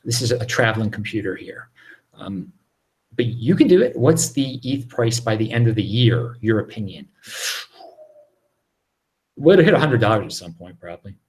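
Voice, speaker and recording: A man hosting a casual live question-and-answer stream from his apartment, reading out viewer questions and answering them in a lowered voice with quick restarts. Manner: animated, talks over himself with quick restarts; lowered, near-whispering voice.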